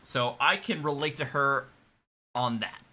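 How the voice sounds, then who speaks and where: A man's voice: mid-range voice, a little slow, sharp tone. A man hosting a casual commentary video, making wry, exasperated asides. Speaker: commentary host.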